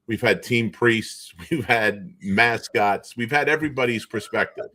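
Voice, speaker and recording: A man's voice: mid-range voice, a little slow. A middle-aged man with a Boston accent telling stories on a video call, acting out the voices of the people he quotes. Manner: animated storyteller who acts out quoted voices. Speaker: guest. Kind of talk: storytelling in casual chat.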